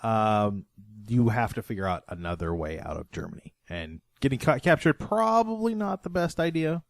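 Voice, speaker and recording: A man's voice: on the low side, very animated, vocal fry, no room sound. A man running a tabletop game as game master, talking casually and hesitantly, with many fillers and restarts. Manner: halting, full of fillers and restarts.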